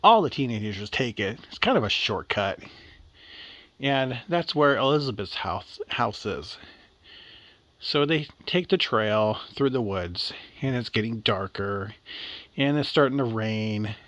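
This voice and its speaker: A man's voice: medium pitch, expressive, unhurried, a bit bright, no echo, dull audio. A man telling a story aloud in a casual, rambling, slangy way.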